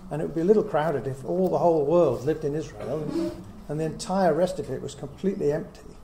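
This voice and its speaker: A middle-aged Bible teacher talks a little fast to a small group, earnestly reasoning through scripture and frequently asking rhetorical questions. His voice is somewhat high yet mellow, set against an echoey room and a faint hiss.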